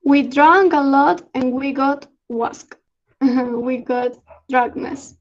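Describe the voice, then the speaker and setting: A young Peruvian woman with a Spanish accent, teaching slang in an online lesson, halting with many fillers and frequent laughs. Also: high voice, lo-fi sound. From Peru. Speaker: student exchange presenter. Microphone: video call.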